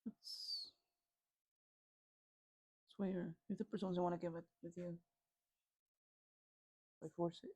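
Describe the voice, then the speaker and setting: Husky-voiced woman chiming in. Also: fairly low pitch, fairly even intonation, darkish tone, no echo. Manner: short reactions and quick comments. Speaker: podcast guest. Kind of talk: casual chat.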